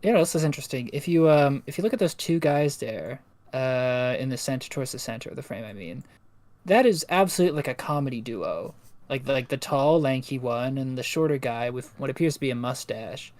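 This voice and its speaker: Laid back dude on a stream, stumbles over words, mid pitch. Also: male voice, animated, darkish tone. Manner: easygoing, quick to laugh, repeats words. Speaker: stream co-host. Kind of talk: casual live-stream chat.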